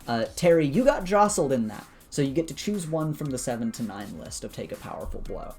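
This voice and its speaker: Laid back guy running a tabletop game, lots of uhs, mid pitch, faint music under it. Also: brisk. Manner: relaxed, lots of "uh" fillers, chuckles. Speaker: game master.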